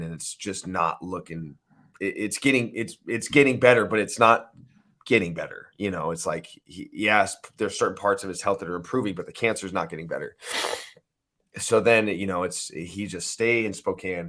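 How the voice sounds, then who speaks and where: A man in his thirties, an interview guest, telling a painful personal story in a halting, emotional way with many restarts. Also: low voice, bright, forceful tone.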